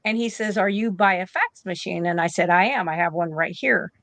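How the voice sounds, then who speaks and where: Fairly low in pitch, a little fast and a bit bright, with no echo, this woman in her fifties is a U.S. nurse appearing as an interview guest. Telling her story in a relaxed way, she plays out both sides of each conversation.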